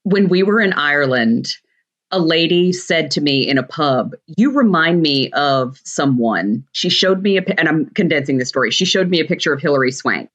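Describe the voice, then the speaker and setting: A woman's voice: deep voice, a little fast, muffled recording. A woman guest in a casual interview chat, telling stories and laughing easily. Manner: warm storytelling, laughs easily. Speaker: guest, TV shopping host.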